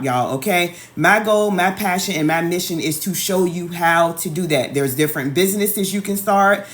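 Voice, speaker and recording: A chatty woman, an online business coach, hosts a live stream recorded on a phone, doing casual sales talk. She repeatedly calls out to her audience, often saying "y'all" and "okay." Her voice is fairly low and a bit bright.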